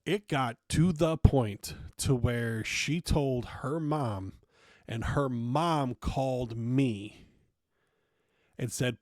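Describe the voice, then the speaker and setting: A young man hosts a podcast, recounting a personal story with blunt, profane language and performing the dialogue himself. His voice sits at a medium pitch and moves at a slow pace. The recording has studio quality with no echo.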